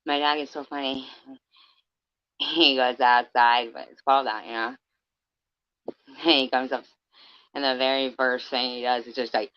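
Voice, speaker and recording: Low, slow-talking woman livestreamer. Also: no room sound. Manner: chatty, laughing, swears freely. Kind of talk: casual livestream chat. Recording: dull dry stream audio.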